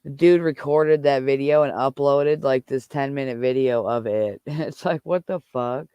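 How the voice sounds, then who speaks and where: A man's voice: mid-range voice, normal speed, warm tone, smooth, no room sound, dull audio. Profane man ranting on a livestream. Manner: angry, profane, heated rant. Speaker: livestream host. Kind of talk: casual ranting livestream chat.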